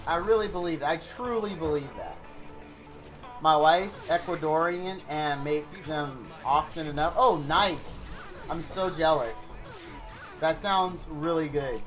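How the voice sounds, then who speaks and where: A man live-streaming a game, rambling excitably and thanking viewers in chat by name. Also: fairly high pitch, measured pace. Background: faint game music.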